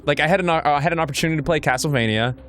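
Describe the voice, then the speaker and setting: A man's voice: a little high, rapid-fire, a bit bright, faint music behind. A man with an Australian accent, co-hosting a gaming show and chatting casually while he plays, rambling and swearing freely. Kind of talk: casual chat while playing a video game.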